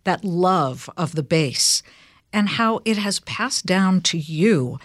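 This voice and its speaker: A woman interviewing a guest and reacting warmly to his story. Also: on the low side, lively intonation, takes it slowly, no room sound, clean studio sound.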